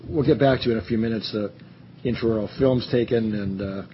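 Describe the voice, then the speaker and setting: A man's voice: on the low side, fairly quick. A man leads a panel discussion, hesitant and rambling, with plenty of ums. The sound is muffled, with faint room noise behind him. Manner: rambling, hesitant, many fillers. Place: meeting room.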